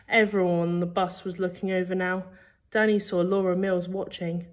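This is a primary school teacher sharing a picture book with expressive storytelling and voices for the characters. She speaks at a moderate pace with a lowish voice.

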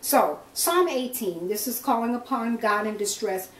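A woman's voice: on the high side, animated, moderate pace. An older woman minister leading a prayer call, preaching with fervor, using colloquial phrasing and rising to emphatic exclamations. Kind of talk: preached exhortation. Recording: echoey distant call audio.

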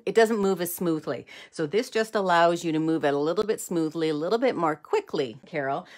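A middle-aged woman from Canada leading a live card-making demonstration, chatty and thinking aloud as she works, often correcting herself. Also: lowish voice.

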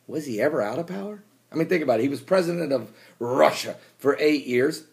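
A man hosting a prophecy commentary show, preaching with emphasis and bursting into shouts. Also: on the high side, lively intonation, brisk, gravelly.

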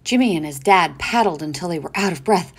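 A woman reading a children's picture book aloud, expressive. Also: lowish voice, fairly quick, slightly rough. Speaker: storyteller.

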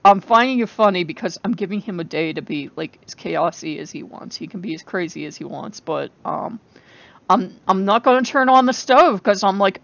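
Gravelly woman in a rambling vlog. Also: mid-range voice, lively intonation, fairly quick, lo-fi sound. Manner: rambling, laughs often, exasperated. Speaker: vlogger. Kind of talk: casual chat to camera.

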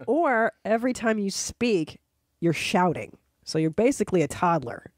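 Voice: mid-range voice, expressive, normal speed, no room sound, clean studio sound. Playful voice posing would-you-rathers. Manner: playful questioning. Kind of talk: casual banter, asking would-you-rather questions.

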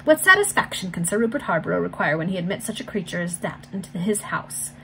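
A woman's voice: fairly low pitch, very animated, fast talker, creaky, pushed and bright, slight background noise, heavily acted, low-quality recording. Woman reading a haughty noblewoman, disdainful, imperious, storybook. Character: haughty, scornful aristocratic lady.

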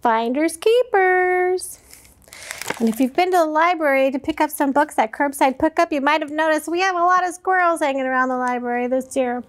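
A woman librarian reading a picture book aloud to young children, animated and asking them questions along the way. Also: sits high, fast, hardly any pauses.

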